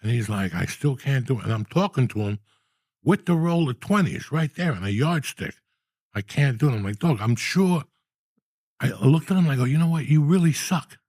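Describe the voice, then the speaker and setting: A man in his sixties telling a story in casual, profane, animated style, with loud outbursts. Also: mid-range voice, moderate pace, husky, dry recording, clean studio sound. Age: 60s. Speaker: podcast host.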